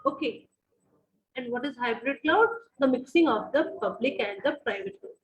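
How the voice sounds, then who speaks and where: A woman with an Indian English accent gives an online university lecture in a high voice, filling her sentences with "uh", repeating phrases and quizzing her students. The sound is a bit dull and lo-fi, as from a video call. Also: lively intonation, normal speed. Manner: repeats phrases, many fillers, asks the class questions.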